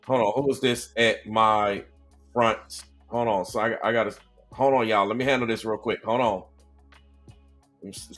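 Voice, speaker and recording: A man hosting a casual reaction video, talking straight to his viewers in an animated way. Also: medium pitch.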